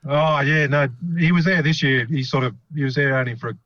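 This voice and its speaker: A man's voice: medium pitch, brisk, a bit bright. A man chatting casually on a podcast, rambling and enthusiastic, swearing now and then. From Australia. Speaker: podcast co-host. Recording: dry, dull lo-fi podcast mic.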